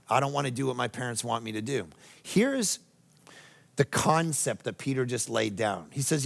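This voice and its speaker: A man preaching a lively sermon as pastor, speaking in a Canadian accent and acting out whiny voices along the way. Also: fairly high pitch, normal speed, gravelly, in a large hall. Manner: animated, acts out whiny voices and jokes.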